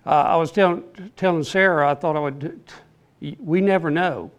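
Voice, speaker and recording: An older man teaching an informal Bible class in an earnest, plainspoken, halting way. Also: a little high.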